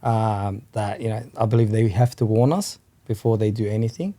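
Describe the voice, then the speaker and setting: A man's voice: fairly low pitch, steady tone, moderate pace, dark tone. Rambling man chatting as a podcast guest. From Australia. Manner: rambling, keeps adding "you know what I mean" and "man", swears freely. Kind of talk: casual chat.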